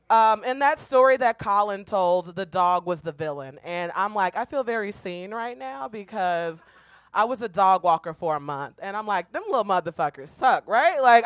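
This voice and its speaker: A woman from Chicago doing a loud, brash, self-mocking stand-up set on a comedy club stage, laughing often between jokes. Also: mid-range voice, no echo.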